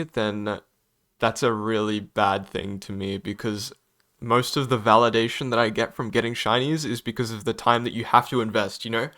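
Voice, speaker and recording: A man's voice: lowish voice, steady tone, moderate pace, a bit bright. A young man giving an unscripted opinion vlog about a game, hesitant and apologetic, stammering often and using many fillers. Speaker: gaming YouTuber.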